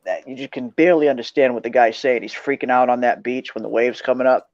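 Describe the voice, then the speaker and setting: A man's voice: medium pitch, fairly even intonation, fast talker, no room sound. A man on a podcast who chats casually and asks curious questions. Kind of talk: casual chat. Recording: dull, dry lo-fi sound.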